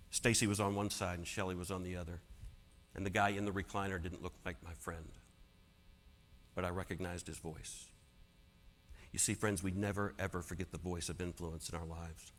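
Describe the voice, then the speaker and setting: A man telling a personal story as a keynote speaker, dramatic and swinging from hushed to loud. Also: sits low. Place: large conference hall. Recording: long hall reverb.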